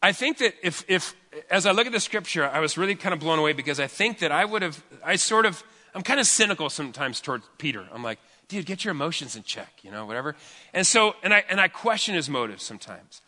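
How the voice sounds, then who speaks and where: A man's voice: on the high side, expressive, quick pace, bright, forceful tone, big-room sound. A man preaching a sermon as pastor, talking in a conversational, joking way and often restarting his sentences.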